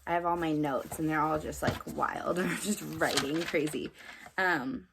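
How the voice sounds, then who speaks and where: A woman's voice: low-pitched, fairly even intonation, unhurried, noisy background. A young adult woman vlogging casually about spiritual ideas, rambling with lots of fillers and frequent tag questions.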